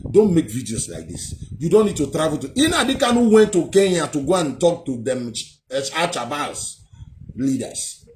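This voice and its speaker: A man's voice: fairly high pitch, slight background noise. A man, delivering heated, scornful commentary with rhetorical questions. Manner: scornful, lectures the viewer with many rhetorical questions. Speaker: vlogger.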